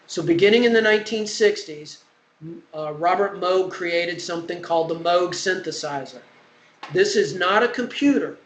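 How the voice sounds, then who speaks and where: A man's voice: on the high side, a bit bright, roomy sound, poor audio. A man giving a university music lecture in a conversational, digressive way, with frequent fillers. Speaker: music professor. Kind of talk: classroom lecture. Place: classroom.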